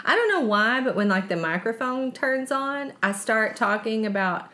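A woman in her late forties co-hosting a podcast. She talks loudly and chattily and laughs often, with a voice scratchy from shouting. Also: fairly high pitch, expressive, moderate pace. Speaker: podcast co-host, chef. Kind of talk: casual podcast chat.

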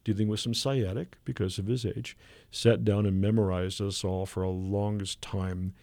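A man telling a lively anecdote as a radio guest, acting out the people he quotes. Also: fairly low pitch, normal speed, vocal fry, no room sound. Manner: animated anecdote teller who acts out the people he quotes. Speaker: guest artist and illustrator. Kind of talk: radio interview storytelling. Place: radio studio.

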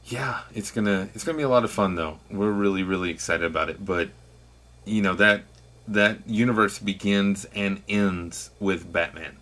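A man's voice: on the low side, normal speed, fairly bright tone. A man hosting a podcast, talking earnestly and hedging his opinions, then plugging an upcoming series. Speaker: podcast host. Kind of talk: casual podcast talk.

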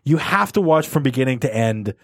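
Playful, lively-voiced man chatting. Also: mid-range voice, fairly quick, dry recording, clean studio sound. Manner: playful, laughs a lot, swears casually. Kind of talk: casual chat.

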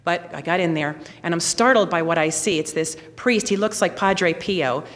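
Lady in her 40s telling her faith story, acts out everyone's voices, slightly low voice, big echoey hall. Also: moderate pace. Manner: animated storytelling, acting out voices. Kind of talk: personal testimony. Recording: long reverb, hall.

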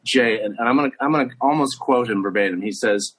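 A man's voice: mid-range voice, fast talker, few pauses, fairly bright tone, husky, rough recording. A man of thirty-nine telling funny, self-mocking stories from his youth in casual chat, swearing freely. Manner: profane, self-mocking storyteller.

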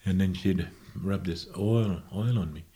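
Low-voiced man telling stories. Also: mellow. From Australia. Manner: unhurried, halting recollection that corrects itself. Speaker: guest musician. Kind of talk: casual interview storytelling.

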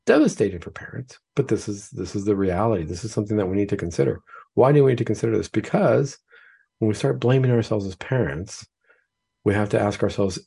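Male talk host, clinician, earnest explainer; low, husky, gravelly. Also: animated, fairly quick, warm tone. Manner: earnest, explanatory, quotes imagined speakers. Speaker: psychiatrist and radio show host. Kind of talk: talk show monologue with case stories.

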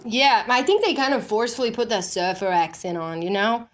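A woman's voice: on the high side, animated, a little fast. A woman hosting a casual online audio chat, playful and laughing, who also sings along to a guitar. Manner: playful, laughing, trying on a surfer accent. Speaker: host. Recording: loud guitar music behind.

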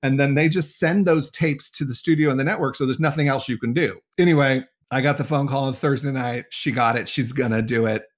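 A man's voice: mid-range voice, a little fast, hardly any pauses. A middle-aged man, a talent agent, telling a story in a casual interview and acting out the quoted dialogue. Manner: animated, acts out quoted dialogue.

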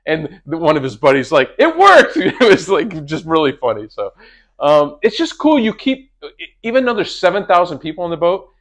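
On a cruise ship, a man with a voice on the high side hosts a faith podcast at a brisk pace. He's chatty and relaxed, mixing casual conversation with prayer that he leads.

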